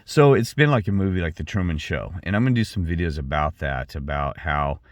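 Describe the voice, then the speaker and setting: A man's voice: sits low, animated, brisk, dry recording. A middle-aged man talking in a rambling personal monologue, repeating himself and restarting often. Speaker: channel host.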